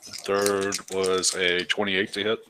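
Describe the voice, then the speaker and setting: A man's voice: sits low, completely flat delivery, unhurried, very noisy. A man playing a tabletop game, hesitantly reading out his dice numbers. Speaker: player. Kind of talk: casual tabletop game talk.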